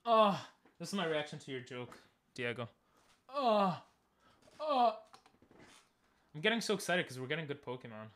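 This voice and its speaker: A man's voice: fairly high pitch, lively intonation, fast talker, fairly bright tone. A young man giving casual, joking commentary while streaming a game and talking with chat. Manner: chatty, joking, talks to chat.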